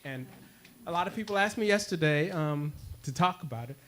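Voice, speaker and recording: A man at a community worship gathering telling a story, animated and laughing, acting out both sides of a conversation. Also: on the high side, fairly quick. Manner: animated, laughing, acts out dialogue. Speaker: worship speaker. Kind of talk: storytelling talk to a congregation.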